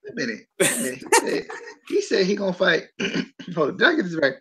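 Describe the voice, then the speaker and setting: A man hosting a podcast in a casual chat, animated and given to incredulous outbursts. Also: sits high, fast, slightly rough. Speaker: podcast host. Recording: dull lo-fi mic.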